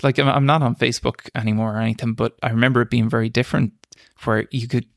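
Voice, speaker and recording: A man's voice: medium pitch, level tone, fast, creaky, no room sound, clean studio sound. A young man, a screenwriter and podcast guest, telling self-deprecating stories in a casual chat and laughing as he goes. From Ireland. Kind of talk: casual storytelling interview.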